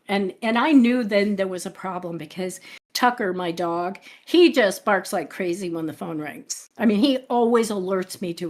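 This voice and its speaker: A woman's voice: medium pitch, moderate pace. A woman hosting an astrology livestream, explaining forecasts and telling stories with lots of laughter. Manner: animated storyteller, laughs often. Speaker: astrologer and show host. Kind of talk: livestream talk show chat.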